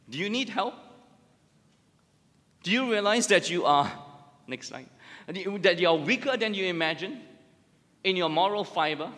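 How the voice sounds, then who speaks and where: A man preaching a sermon, emphatic and full of rhetorical questions. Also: sharp tone. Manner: emphatic, rhetorical questions, rises and drops in pitch. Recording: long hall reverb.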